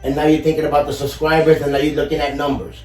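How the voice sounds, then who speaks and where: Guesting on a podcast, a collector and YouTuber shares a personal story with earnest informality, peppering it with "you know." He talks fast in a slightly high, a little mellow voice with a level tone. The recording has an echoey room, distant mic placement, and faint music.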